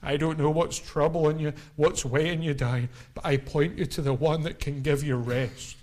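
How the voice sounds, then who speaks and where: A middle-aged man delivers an evangelistic sermon with fervent, repeating phrases. His voice sits a little higher than most men's, and he stacks line upon line in a driving preacher's rhythm. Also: fairly even intonation, moderate pace, darkish tone. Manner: impassioned, repetitive preaching cadence.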